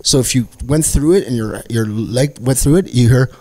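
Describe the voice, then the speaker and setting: A man from Canada, a guest comedian, telling animated stories in a casual chat, laughing often and mimicking voices. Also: mid-range voice, normal speed.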